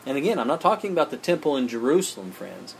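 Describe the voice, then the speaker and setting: A man's voice: medium pitch, sing-song, fast talker, gravelly, a little hiss or hum. A man preaching a sermon, speaking emphatically and addressing his listeners as friends.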